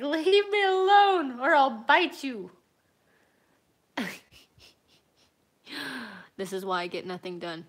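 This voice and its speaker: A woman's voice: medium pitch, a bit bright. A woman hosting a casual live stream from home as a cat breeder, answering viewers' comments, laughing often and cooing baby talk at her cats.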